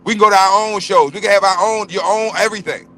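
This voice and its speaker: A man delivers a heated, profane rant to the panel. His voice sits high and bright. He talks bluntly and repeats his points for emphasis. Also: fast, slight background noise. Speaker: livestream panelist. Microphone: remote livestream call.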